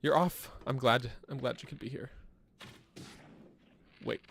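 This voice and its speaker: A man's voice: mid-range voice, unhurried, creaky, a bit bright, slight background noise. A man chatting casually on a game live stream, joking and reading the chat aloud. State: a little out of breath.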